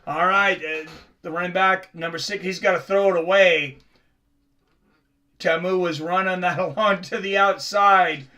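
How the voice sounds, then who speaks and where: A man's voice: sits high, fairly even intonation, unhurried, sharp tone, dull audio. A man from the Seattle area hosting a live sports reaction stream, chatting casually with viewers between plays.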